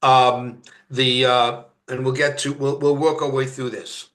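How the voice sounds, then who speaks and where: Echoey lecturing man, halting delivery. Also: medium pitch, flat delivery, fairly bright tone. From Canada. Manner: halting, many fillers and restarts, stresses listed words. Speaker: guest lecturer. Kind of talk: university lecture. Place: lecture room.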